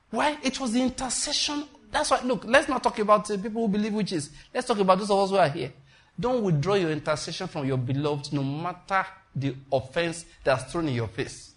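A man preaching a sermon in an emphatic, repetitive style, calling out to his congregation. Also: high-pitched. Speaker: pastor.

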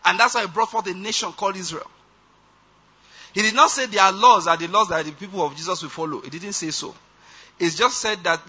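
A man's voice: high-pitched, a little fast, sharp tone, slightly rough. A man preaching a conversational sermon, often checking whether listeners follow his point. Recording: dull lo-fi sound.

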